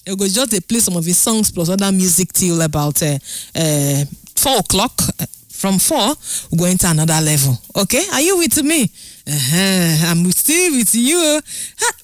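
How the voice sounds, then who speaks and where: A woman with a Nigerian accent hosting a casual radio show, chatty and animated, laughing often between her words. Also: lowish voice, normal speed, dry recording. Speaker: radio host. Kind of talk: casual radio chat in Pidgin.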